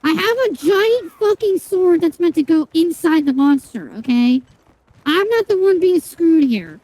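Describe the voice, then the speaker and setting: Her voice extremely high in pitch, animated but unhurried and a little mellow, a young woman chats casually with viewers while streaming a game. She rambles and swears a lot, with many fillers and restarts. No room sound comes through, though the recording is low-quality.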